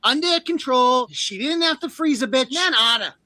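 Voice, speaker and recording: Animated, swearing man on a stream. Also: normal speed, dry recording, rough recording. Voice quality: animated, swearing, mimics characters in high voices. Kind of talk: profane comedic rant.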